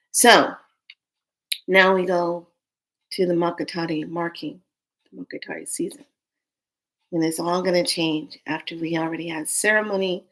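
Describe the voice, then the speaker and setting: A woman shares a heartfelt personal spiritual story, earnest and speaking straight to her listeners. Her voice sits slightly low, and she often draws listeners in with direct asides. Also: normal speed, pauses often, fairly bright tone, low-quality recording.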